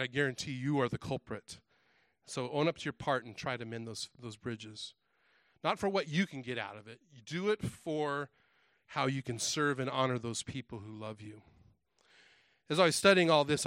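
A man's voice: a little high, fairly bright tone, no echo. A man preaching a sermon in a conversational way, asking the congregation direct questions and often restarting his words. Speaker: pastor.

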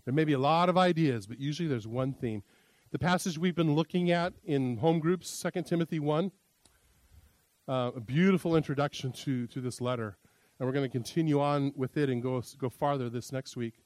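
A man's voice: a little high, fairly quick, a little mellow, dry recording. A middle-aged male pastor teaching a sermon in a conversational, jokey way, acting out quoted lines. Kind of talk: sermon teaching on interpreting scripture.

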